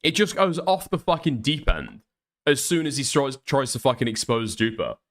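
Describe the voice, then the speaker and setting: Man, commentary host, swears constantly, lively up-and-down pitch. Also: normal speed. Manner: profane, exasperated, mocking. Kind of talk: reaction commentary.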